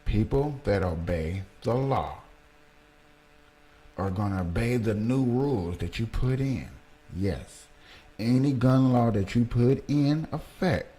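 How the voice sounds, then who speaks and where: A man hosting a livestream, reacting to a clip and talking slowly and emphatically to his chat. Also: mid-range voice, lively intonation, mellow. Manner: slow, emphatic, talks to chat, jokes. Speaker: livestream host. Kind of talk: casual commentary on a played clip.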